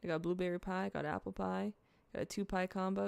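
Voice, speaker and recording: A woman's voice: fairly low pitch, steady tone, fairly quick, vocal fry, darkish tone, smooth, no room sound. A young woman streaming, chatting casually to her viewers while eating, rambling and swearing freely. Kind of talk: casual livestream chat, eating on camera.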